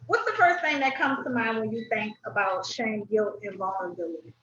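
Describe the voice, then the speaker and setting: A woman hosting a podcast, asking probing questions in a playful, expressive way. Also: on the high side, brisk, a little hiss or hum. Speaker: podcast host. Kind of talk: casual conversation. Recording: roomy, distant, dull sound.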